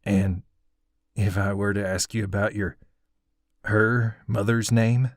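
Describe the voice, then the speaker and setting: A man voicing a bearded craftsman and grieving father who speaks gently in a rustic dialect. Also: lowish voice, level tone, takes it slowly, no room sound, studio quality. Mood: apologetic.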